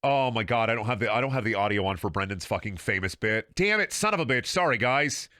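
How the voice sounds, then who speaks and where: A man's voice: mid-range voice, animated, fast talker, bright, forceful tone, no echo, clean studio sound. A man streaming a video game, talking in a sarcastic, rambling, profane way with frequent laughing and repeated words. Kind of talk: casual game livestream commentary.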